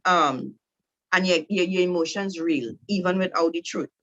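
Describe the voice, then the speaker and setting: A woman's voice: fairly low pitch, moderate pace, fairly bright tone, no room sound, muffled recording. A woman giving an instructive talk to women on marriage, speaking directly and often asking "right?". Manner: direct, repetitive, coaching with rhetorical "right?". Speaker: marriage teacher.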